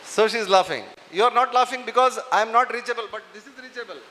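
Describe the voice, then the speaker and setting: A man with an Indian English accent gives a motivational talk to students, teasing and coaxing the audience. His voice is high and bright for a man. He is heard in a large hall with a long, echoing reverb. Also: fast. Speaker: police officer giving a talk. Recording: echoey hall.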